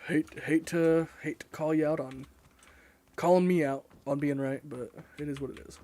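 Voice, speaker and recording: Mellow and a bit high-pitched, this young man's voice holds a steady tone at a moderate pace. He rambles casually through a gaming live stream, cursing a lot and making fun of himself.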